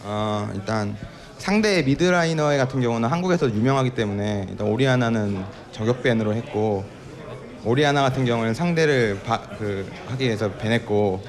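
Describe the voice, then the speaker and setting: A man's voice: medium pitch, very fast. A male pro player answering interview questions, matter-of-fact. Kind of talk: post-match interview answers.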